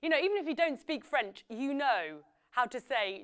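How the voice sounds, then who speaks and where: A woman's voice: fairly high pitch, expressive, brisk, fairly bright tone. A young woman hosting a live quiz on an app, chatty and playful, reading out the answer splits and breaking into bits of songs. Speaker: quiz show host.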